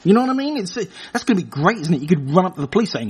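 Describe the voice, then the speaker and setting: A man with a husky, breathy voice, pitched high for a man, rambles through the news as a podcast host. He jumps between crude jokes and asides, and his pitch swings widely up and down as he talks. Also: expressive, rapid-fire, few pauses. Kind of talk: casual comic news chat.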